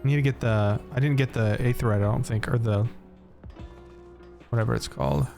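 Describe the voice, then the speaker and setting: A man's voice: mid-range voice, steady tone, brisk, vocal fry, darkish tone, soft background music. A man streaming a game, chatting casually, laughing often and reading in-game dialogue aloud in playful put-on voices. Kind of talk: casual gameplay commentary.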